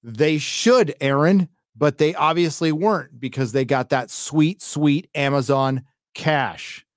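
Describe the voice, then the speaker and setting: A man's voice: on the high side, slow pace, no echo, studio quality. Rambling middle-aged male streamer. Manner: rambling, profane, with many fillers. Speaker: live stream host. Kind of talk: casual live stream chat, reading out donations.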